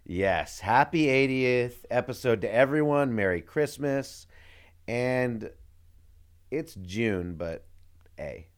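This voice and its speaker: A man's voice: mid-range voice, takes it slowly, clean tone. A young adult man co-hosting a podcast, chatting casually and joking with his co-host. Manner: joking, animated banter. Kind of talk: casual chat.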